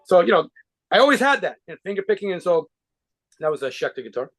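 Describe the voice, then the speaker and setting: New guy with a highish voice, rambling and cursing through a casual interview, lots of restarts. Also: big pitch swings, fast, fairly bright tone, faint music behind. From New York. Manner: rambling, profane, with frequent restarts and laughs. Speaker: guitarist and band leader being interviewed.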